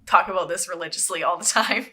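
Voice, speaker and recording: Bright chatty woman cohost, emphatic, talks wedding photos like a friend. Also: lowish voice, fast. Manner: chatty, emphatic, walks listeners through scenes. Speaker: podcast co-host, wedding photographer. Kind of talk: casual chat.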